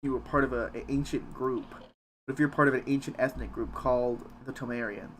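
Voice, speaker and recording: Rambling, swearing male streamer, middling pitch. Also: steady tone, brisk, fairly bright tone, a little hiss or hum. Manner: rambling, swearing, joking with chat. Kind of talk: casual live-stream chat while gaming.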